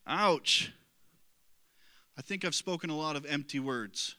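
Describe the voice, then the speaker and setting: A man's voice: on the high side, measured pace, pushed and bright. A middle-aged man preaching a sermon as a pastor, earnest and conversational, with self-deprecating asides to the congregation.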